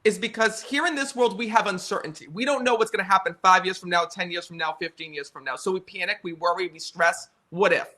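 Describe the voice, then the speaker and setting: An American man in his thirties tells stories with earnest, animated energy. His voice sits high and sounds bright and forceful. He keeps pulling the audience in with "right?" and "you know.". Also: fast, few pauses. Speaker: psychic medium guest. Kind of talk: casual storytelling conversation.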